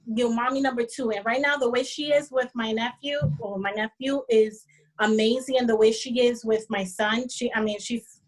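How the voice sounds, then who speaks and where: A woman's voice: a little high, fairly even intonation, moderate pace, low-quality recording. A young woman from the Dominican Republic, speaking in a heartfelt, earnest way in a casual panel chat. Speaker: podcast co-host.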